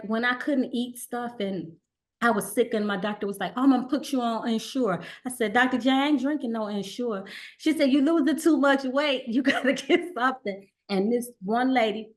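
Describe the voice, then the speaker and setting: A middle-aged woman guest telling her story in a relaxed conversational way, acting out the voices of the people she quotes. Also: a little high, normal speed. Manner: animated, acts out quoted dialogue.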